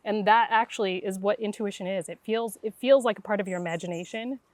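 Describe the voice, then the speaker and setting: Dry-sounding woman telling a lively story. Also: medium pitch, fast talker, no echo. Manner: animated, acts out quoted dialogue. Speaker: guest intuitive. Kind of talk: conversational storytelling.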